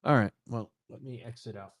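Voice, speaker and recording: A man's voice: medium pitch, fairly quick. A man casually explaining computer setup steps in a directive way. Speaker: tech helper. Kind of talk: casual instructions.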